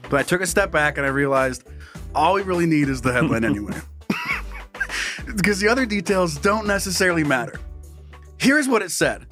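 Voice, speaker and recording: High, lively man telling a joke story. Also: brisk, pauses often, soft background music. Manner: laughs often, acts out voices with shouts. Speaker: podcast co-host. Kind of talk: casual comedic chat.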